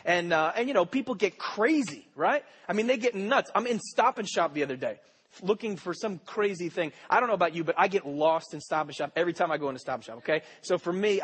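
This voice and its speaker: A man's voice: a little high, fairly bright tone, husky. A young adult man preaching a sermon, telling joking stories in a rambling way full of fillers. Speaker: pastor.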